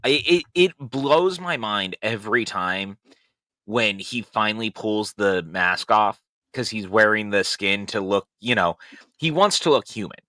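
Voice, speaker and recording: A man's voice: fairly low pitch, lively intonation, a little slow, pushed and bright, no echo, studio quality. A middle-aged man co-hosting a casual film review podcast, enthusiastic and laughing often. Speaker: podcast co-host.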